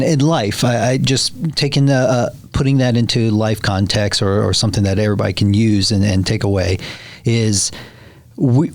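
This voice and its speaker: A man with a drawl hosts a casual podcast chat, circling his point with many restarts. His mid-pitched voice sits dry and close to the mic. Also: darkish tone, no echo. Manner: rambling, restarts a lot, folksy. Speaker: podcast host.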